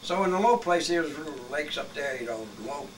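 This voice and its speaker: An elderly man in his eighties spins rambling, salty old stories and keeps chuckling as he goes. His voice sits a touch high. He is caught from across the room on a home video, with clear noise behind him. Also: animated, fairly quick. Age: 80s. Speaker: grandfather telling old stories. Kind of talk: casual storytelling. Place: family birthday gathering at home. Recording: distant home-video recording with background noise.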